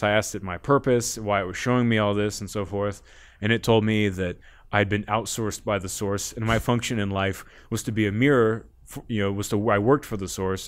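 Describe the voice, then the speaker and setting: A man as a podcast guest, telling a long story in a loose, animated way, laughing often and leaning on "like". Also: fairly low pitch. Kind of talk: casual storytelling.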